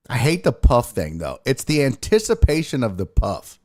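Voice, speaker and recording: A man hosting a casual podcast livestream, telling stories in an animated, profane way and acting out sighs and panic. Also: mid-range voice, no room sound, studio quality. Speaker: podcast host.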